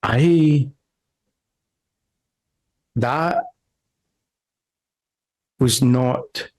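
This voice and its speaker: A hunched, masked man in black clothes, a nervous go-between in a tabletop adventure, as a man puts him on. He talks slowly, halting and defending himself. His voice sits mid-range. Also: medium pitch, darkish tone, poor audio. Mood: defensive.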